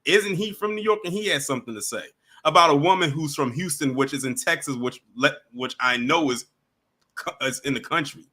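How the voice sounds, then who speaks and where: Bright-voiced man hosting a live stream. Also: fairly high pitch, fairly quick. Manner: relaxed, chatty, laughs along with callers. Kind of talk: casual live-stream chat.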